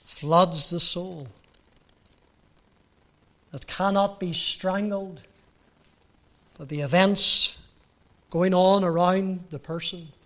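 A male preacher delivers a gospel sermon in a high, measured voice. He speaks slowly and deliberately, then swells into loud, fervent emphasis. He is heard from a church pulpit. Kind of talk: evangelistic sermon.

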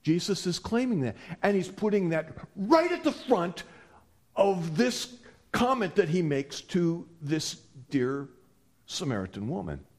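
Male preacher giving a sermon, super lively ups and downs, slow and husky. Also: high voice. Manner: animated and emphatic, with frequent restarts.

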